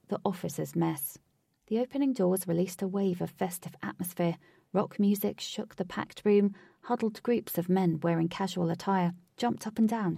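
A woman narrating a story aloud in a steady, even reading voice. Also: fairly low pitch, vocal fry, no echo, studio quality, distant mic. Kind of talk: audiobook narration.

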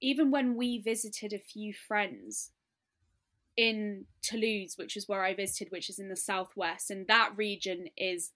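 A woman's voice: medium pitch, fairly even intonation, unhurried, fairly bright tone. A young woman co-hosting a podcast, chatting enthusiastically and rambling a little about food. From France. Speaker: podcast co-host. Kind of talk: casual chat.

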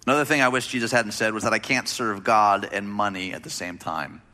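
A man's voice: lowish voice, steady tone, a little fast, sharp tone. A man preaching a sermon as a pastor, speaking in a conversational, emphatic way with rhetorical questions.

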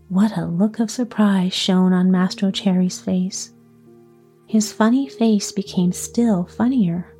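A woman narrating a classic children's story in a soft, partly whispered storytelling voice. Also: mid-range voice, slightly rough.

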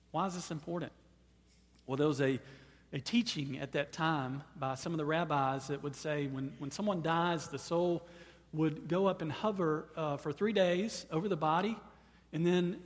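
A man preaching a sermon. He often repeats words as he starts a phrase, and at times he rises to loud, high-pitched proclamation. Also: big-room sound. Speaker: pastor.

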